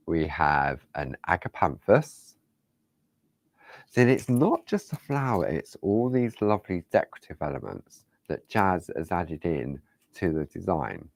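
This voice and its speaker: A man's voice: low-pitched, dry recording. A man hosting a craft show, chatting casually through products, stumbling over words and laughing at himself. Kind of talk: casual product demo chat.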